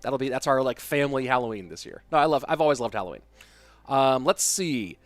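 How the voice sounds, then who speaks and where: A man in his thirties casts esports and reads viewer questions on a casual stream, his mid-range voice brisk as he chats loosely and thinks aloud. The recording is dry, with soft music underneath.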